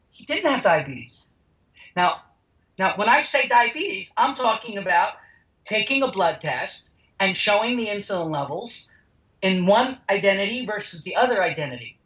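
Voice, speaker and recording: Interviewed as a healing center's founder, this man has a high-pitched, bright and forceful voice on a lo-fi recording. His animated storytelling is emphatic, and he performs the quoted lines of the people he describes.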